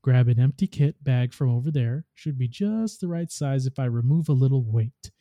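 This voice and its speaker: Grumpy snarling male ghost read by a man, dark mellow tone, dry sound. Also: mid-range voice, moderate pace, dry recording, natural voice. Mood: grumbling. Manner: snarling, curt. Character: grumpy scheming male ghost robot, sneering.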